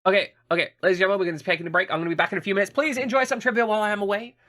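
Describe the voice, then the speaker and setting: A man's voice: high voice, steady tone, rapid-fire, pushed and bright. A man streaming a game in casual chat, joking and swearing and often repeating his words as he talks.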